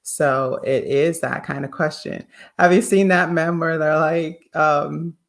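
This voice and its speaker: A woman's voice: low voice, steady tone, takes it slowly, vocal fry. A woman guest in a casual conversation, chatty and musing as she thinks aloud. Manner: chatty, musing, many fillers.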